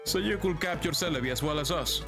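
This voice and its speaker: A man's voice: on the high side, quick pace, natural voice. Serious lizard rebel guy man reading, earnest, game music in the back. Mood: resolute. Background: background music.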